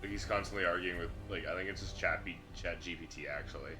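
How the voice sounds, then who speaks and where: A man's voice: low-pitched, fast talker. A man streaming a game, chatting casually in a rambling, crude, filler-heavy way. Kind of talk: casual gaming stream chat. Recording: game music under voice.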